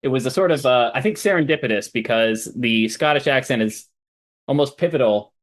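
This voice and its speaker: A man who is a guest on a film podcast, with a middling voice. He talks casually but hesitantly, often pausing on "uh" and restarting sentences as he recalls details. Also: mid-range voice. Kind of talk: casual chat.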